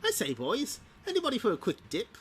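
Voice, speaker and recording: A man's voice: high-pitched, wildly swooping pitch, a little fast, fairly bright tone, a little hiss or hum, voice pushed up, exaggerated voice. A man voicing a dim, pompous old king from a cartoon comic, with fussy, posh delivery.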